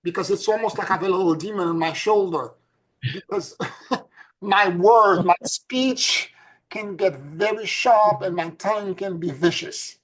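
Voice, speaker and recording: A woman's voice: mid-range voice, unhurried. A woman co-hosting a casual spiritual discussion, telling stories with many stammered restarts. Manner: stammering restarts, animated storytelling.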